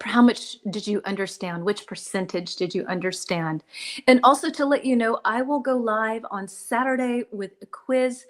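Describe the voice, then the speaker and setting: A woman teaching English on a live stream from home, chatty and a little hoarse, often clearing her throat and apologizing. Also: fairly high pitch. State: slightly hoarse, drinking mint tea for her voice. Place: home, dishes washing behind her.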